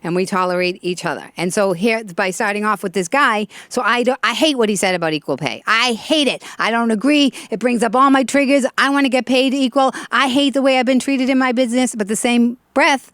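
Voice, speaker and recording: A woman hosting a talk show with an animated, chatty stand-up delivery, laughing often. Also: a little high, dry recording, clean studio sound.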